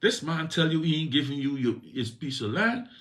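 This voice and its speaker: A man's voice: expressive, moderate pace, fairly bright tone. A man voicing a domineering queen who scolds and mocks her sulking husband. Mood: scornful. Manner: shrill, mocking, bossy.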